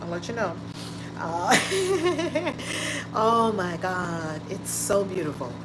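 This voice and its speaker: Taking it slowly, a woman with a medium-pitched, expressive voice hosts a casual livestream from a home room with an open window. She welcomes viewers by name with many exclamations over noisy audio.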